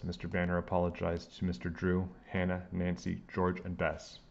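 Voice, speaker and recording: A man reading a children's book aloud with expressive delivery. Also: low-pitched, moderate pace, creaky, hardly any pauses, lo-fi sound. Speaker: storybook reader.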